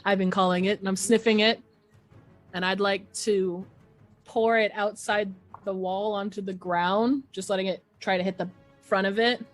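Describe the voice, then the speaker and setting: A woman's voice: medium pitch, fairly even intonation, moderate pace, soft background music. A woman playing a tabletop game, talking urgently in character and laughing often. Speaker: player.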